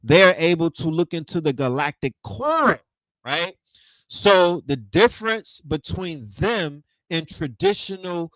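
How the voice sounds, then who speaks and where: Animated profane man telling stories. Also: on the high side, dry recording, rough recording. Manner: animated, profane, slangy, with voiced quotes and restarts. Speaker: lecture host. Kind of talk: casual storytelling lecture.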